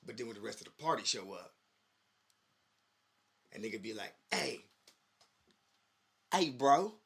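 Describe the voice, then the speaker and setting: Animated man telling wrestling stories. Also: on the low side, brisk, husky. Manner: animated storytelling, acts out quotes. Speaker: podcast co-host. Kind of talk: casual chat.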